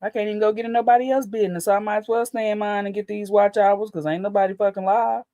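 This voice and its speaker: A man hosting a livestream in a loose, profane, chatty way. His voice sits a little high for a man. It comes through dry and close, with no room sound. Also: little pitch movement, quick pace, dark tone, no room sound, lo-fi sound. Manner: loose, profane, talks straight to chat. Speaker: livestream host. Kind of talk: casual livestream chat.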